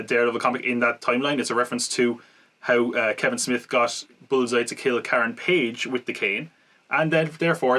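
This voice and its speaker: A man with a bright, forceful voice and a middle pitch co-hosts a podcast. He recaps a film's plot in casual chat that rambles along, full of fillers and quick self-corrections. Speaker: podcast co-host. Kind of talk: casual film-review chat.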